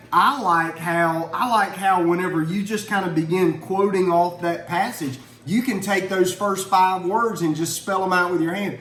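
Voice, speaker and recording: A man's voice: sits high, a bit bright. A middle-aged man leading a family Bible lesson, earnest and conversational, asking questions as he teaches. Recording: echoey room, faint ambience.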